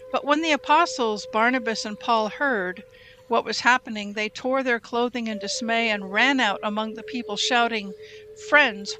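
A woman reading Bible passages aloud in a steady, measured way. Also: fairly high pitch. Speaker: Bible reader. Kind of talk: scripted scripture reading.

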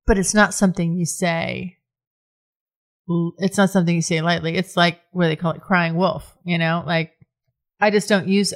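Frank, chatty woman podcast host. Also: on the low side. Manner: frank and chatty, swears freely, many restarts. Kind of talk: candid solo podcast talk.

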